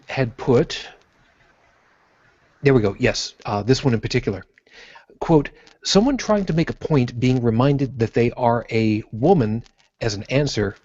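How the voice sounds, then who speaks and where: A man's voice: medium pitch, darkish tone, no echo. A man hosting a podcast reads through viewer questions, stopping often with "uh." His voice is dry, with no room sound, and it comes over a dull, lo-fi call. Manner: halting, many "uh" fillers. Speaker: podcast host. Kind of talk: casual chat, reading viewer questions.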